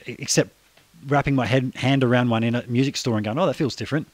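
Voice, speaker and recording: A man's voice: mid-range voice, steady tone, fast talker, dry recording. A man in his fifties from Australia with an Australian accent, hosting a casual podcast chat, talkative, laughing often and swearing casually. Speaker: podcast host.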